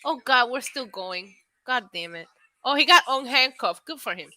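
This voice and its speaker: A woman's voice: sits high, animated, moderate pace, bright, forceful tone, low-quality recording. A young woman hosting a live wrestling watch-along, reacting bluntly with profanity and laughter and reading out viewer messages. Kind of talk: casual live reaction commentary.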